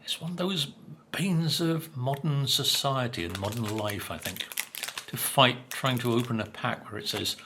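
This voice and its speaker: Gravelly older man tasting biscuits. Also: medium pitch, background noise. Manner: chatty, unhurried, musing with many fillers. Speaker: vlogger. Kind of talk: casual food review.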